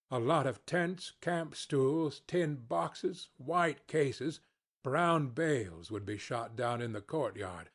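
A man narrating an audiobook in a measured, deliberate storytelling manner. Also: mid-range voice.

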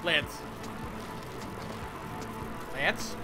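A man's voice: extremely slow, music in the background. A man chatting casually with friends during a game stream, teasing them and swearing. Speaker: co-player. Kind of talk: casual gaming chat.

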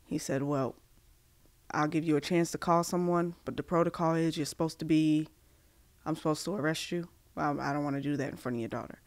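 A Massachusetts woman guesting on a podcast tells a personal story haltingly, with many fillers and restarts, acting out the dialogue she quotes. Her voice is deep with fairly even intonation, and there's no echo.

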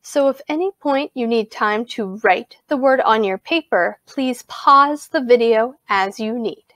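A woman teaching a virtual music lesson to young children, giving slow, clear instructions. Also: fairly high pitch, fairly bright tone.

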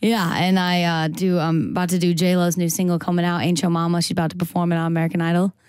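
A young woman from Massachusetts talks as a guest in a casual interview. Her voice sits a little low and the sound is close and dry. She is bubbly, laughs easily and acts out what people said. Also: little pitch movement, quick pace, darkish tone, smooth, dry recording. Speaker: guest singer-songwriter.

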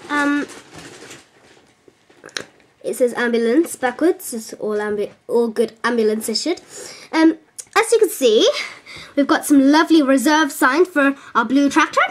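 A young woman clowning as a scatterbrained stable owner on a home-video tour, full of whoops and "like" fillers. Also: high-pitched. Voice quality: giddy, squealing whoops, valley-girl "like" fillers. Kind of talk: silly improvised home-video comedy tour.

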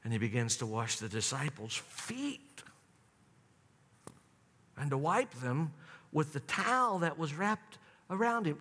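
A man preaching a sermon, telling the story dramatically and swinging from high, loud emphasis down to low, hushed lines. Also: big pitch swings, a little slow. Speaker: pastor. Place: church sanctuary. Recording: long church reverb.

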